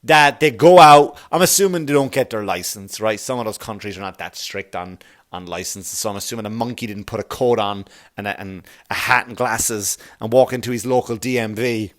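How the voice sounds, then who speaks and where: A middle-aged man, a comedian hosting his podcast, rambling through a comic monologue full of swearing and quick put-on voices. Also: on the low side. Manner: swearing, animated, jumps into quick voices for bits.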